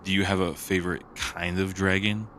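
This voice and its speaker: A man's voice: sits low, flat delivery, moderate pace, sharp tone, slight background noise. A man co-hosting a podcast in casual chat, teasing and mock-scolding his co-host.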